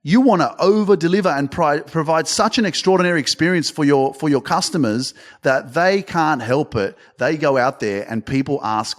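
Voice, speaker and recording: An Australian man in his thirties hosting a motivational podcast, telling stories in a casual, animated way, swearing often and restarting his sentences. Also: a little high, normal speed, few pauses. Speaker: podcast host and coach.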